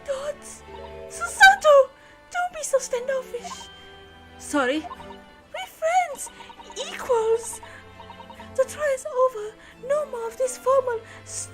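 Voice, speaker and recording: Streamer girl putting on a squealing young girl, very high, wildly lively, game dialogue read aloud. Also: full character voice. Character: gushing excitable young woman, bubbly.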